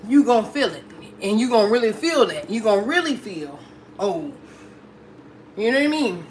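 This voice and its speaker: A woman's voice: fairly high pitch, big pitch swings, normal speed, a little hiss or hum. A middle-aged woman hosting a casual live stream, chatty and affectionate, greeting viewers and talking through her opinions with many fillers. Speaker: livestream host.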